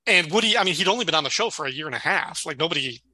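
Podcast co-host, male, bright and close-miked, lively storyteller who acts out quotes. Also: fairly high pitch, racing, dry recording. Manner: animated retelling, acts out quoted dialogue, laughs often. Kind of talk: casual chat recapping a sitcom episode.

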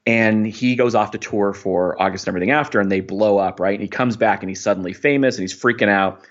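Low-ish guy rambling about a song he loves, kinda dull lo-fi sound, lots of likes and you knows. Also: fast talker. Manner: reflective, rambling with many fillers. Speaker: podcast host. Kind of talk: casual music discussion.

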